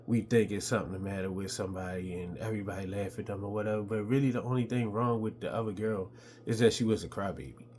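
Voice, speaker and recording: A middle-aged man telling stories from his childhood in a laid-back, casual way, with a high voice when he quotes other people. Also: darkish tone, slight background noise. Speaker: podcast host telling stories. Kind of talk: casual storytelling.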